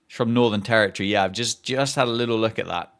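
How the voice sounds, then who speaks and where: A man's voice: lowish voice, quick pace, a bit bright, clear, resonant tone. A man hosting a live cricket watchalong, chatting casually, joking and reacting to play and viewer comments.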